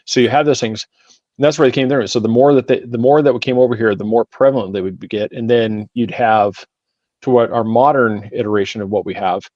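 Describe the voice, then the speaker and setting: A middle-aged man co-hosting a podcast, explaining history in halting, rambling stretches. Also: medium pitch, fairly even intonation, a little mellow, dry recording, lo-fi sound. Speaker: podcast co-host. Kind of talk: casual podcast chat.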